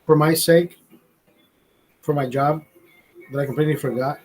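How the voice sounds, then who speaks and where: Rambling, profane man with a higher voice. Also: moderate pace, poor audio. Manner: rambling, profane, animated storytelling. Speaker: livestream host. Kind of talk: casual late-night livestream chat.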